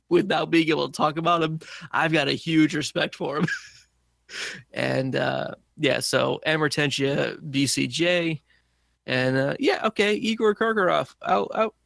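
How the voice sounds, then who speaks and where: A fairly high-pitched man with a gravelly edge to his voice talks on a fan podcast. His speech is enthusiastic and broken up by frequent laughter, recorded dry and close. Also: fairly even intonation, unhurried, a bit bright, dry recording. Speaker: podcast co-host. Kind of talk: casual chat.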